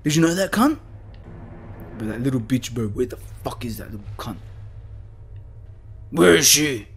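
A young man playing a horror game, swearing and panicking as he yells at the screen. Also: mid-range voice, lively intonation, normal speed, breathy edge. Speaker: gaming YouTuber. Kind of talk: horror game let's play.

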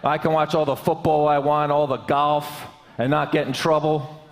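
A man's voice: on the high side, flat delivery, normal speed, big-room sound. A man preaching a sermon to his church, in a joking, conversational way. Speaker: pastor. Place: church sanctuary.

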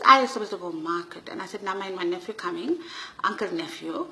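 Bright gossipy Durban auntie woman. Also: medium pitch, fairly quick, vocal fry, a little hiss or hum, rough recording. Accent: South African Indian English, Durban. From Durban, South Africa. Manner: gossipy, animated auntie voice with broken English. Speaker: comedic storyteller. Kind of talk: comic monologue in character.

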